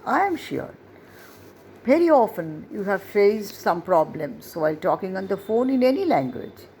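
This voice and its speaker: A woman English teacher explains a classroom-style lesson step by step, going slowly, repeating key phrases, and asking rhetorical questions. Her voice is lowish and darkish in tone, with slight background noise.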